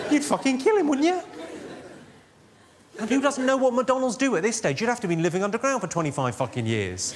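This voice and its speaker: A man doing stand-up on stage, delivering deadpan one-liners with a noticeably high voice. Heavy audience laughter rolls in under his jokes on a stage mic. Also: brisk, heavy background noise. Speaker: stand-up comedian. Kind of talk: stand-up comedy. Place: large theatre with live audience. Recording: loud audience laughter behind.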